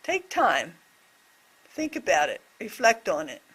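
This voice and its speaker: A woman voicing a deaf presenter's signed reflection on a scripture story, speaking in short, measured phrases. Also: medium pitch, huge pitch swings, a bit bright, slightly rough.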